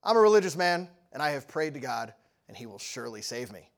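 A man voicing a stubborn religious man who calmly turns down rescue in a told story. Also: medium pitch, fast talker, vocal fry. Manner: stubbornly calm refusals.

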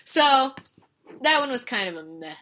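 A woman's voice: sits high, normal speed. A woman co-hosting a podcast, chatting casually and telling stories with lots of laughter. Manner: animated storytelling, acts out characters with laughs. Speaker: podcast co-host. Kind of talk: casual chat.

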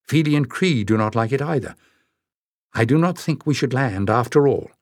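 A man's voice: mid-range voice, expressive, normal speed, dry recording, studio quality, voice pushed up, close to an everyday voice. A man reading a storybook voicing a fierce, blunt young woman with a curt, scolding manner. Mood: uneasy.

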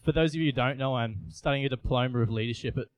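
A man's voice: medium pitch, fast talker, dry recording. A young man, giving an earnest, confessional sermon with frequent restarts. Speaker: youth preacher. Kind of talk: personal sermon.

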